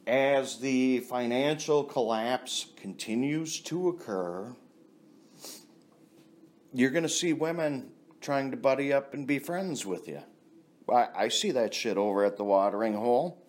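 A man speaking in a blunt, profane ranting monologue. He talks slowly, his voice rising and falling a lot, and he laughs at his own stories. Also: medium pitch, expressive. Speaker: vlogger.

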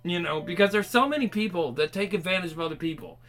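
A man's voice: high voice, quick pace, fairly bright tone, soft background music. A man ranting in an angry, profane, rambling monologue.

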